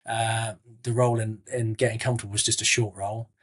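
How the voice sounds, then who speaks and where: A man's voice: fairly low pitch, little pitch movement, fast, breathy edge. A middle-aged man from Southwest England, an actor and guest in an interview, talking in a chatty way with frequent restarts and friendly asides. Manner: chatty, frequent restarts, calls people mate. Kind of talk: casual interview chat.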